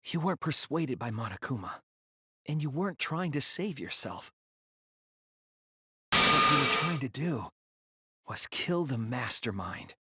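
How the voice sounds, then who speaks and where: An actor voicing an earnest teenage boy detective in a video game, speaking in a soft-spoken way. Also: mid-range voice, very animated, unhurried, pauses often, slightly rough, full character voice. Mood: reasoning.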